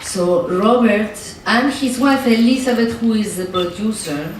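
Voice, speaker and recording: A middle-aged woman with a Mexican accent, telling stories in an interview with animated emotion, often laughing and repeating words as she speaks. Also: a little high, a little slow, heavy background noise. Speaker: actress interviewee. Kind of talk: candid interview storytelling. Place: film festival interview room. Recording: very echoey room, distant mic, faint ambience.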